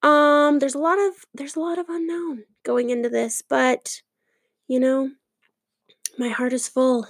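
High-voiced woman, sarcastic rambling host. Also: level tone, a little slow, no echo, studio quality. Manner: sarcastic, rambling, full of fillers. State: voice giving out. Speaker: podcast host. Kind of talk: casual comedic monologue.

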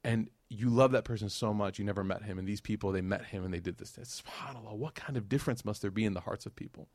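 A man giving a religious lecture as a casual, animated story, with slangy asides to the audience. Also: on the low side, fast talker, no echo. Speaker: Islamic lecturer.

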